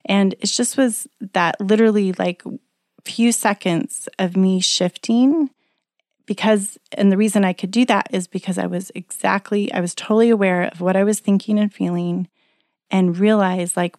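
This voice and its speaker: A woman's voice: medium pitch, steady tone, measured pace, a little mellow, no room sound, clean studio sound. Earnest woman giving a motivational talk. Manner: earnest, coaching, chatty with fillers. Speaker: self-help speaker; single mother of teenagers.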